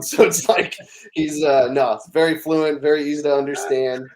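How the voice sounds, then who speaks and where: A middle-aged man, a podcast guest, telling stories in animated casual chat, with many fillers and restarts. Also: a little high, normal speed.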